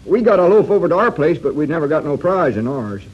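A slow, husky simple country boy. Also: a little high, sing-song. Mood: eager. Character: simple-minded young country fellow, eager and slow. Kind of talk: 1940s radio comedy acting. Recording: lo-fi old radio recording.

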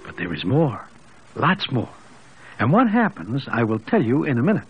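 A man's voice: mid-range voice, wildly swooping pitch, moderate pace, very noisy. An actor narrating as a folksy male storyteller who tells the tale in chatty, colorful present tense, in a 1940s radio broadcast. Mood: storytelling. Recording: muffled old radio broadcast with music.

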